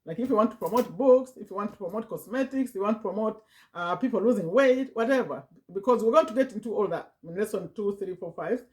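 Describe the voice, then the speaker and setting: A woman's voice: medium pitch, fast talker, darkish tone. A woman in her fifties giving a motivational talk straight to her viewers about affiliate marketing, repeating and stressing her points as she coaxes them along. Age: 50s. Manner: repetitive, emphatic, coaxing. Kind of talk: motivational direct-to-camera talk. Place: home.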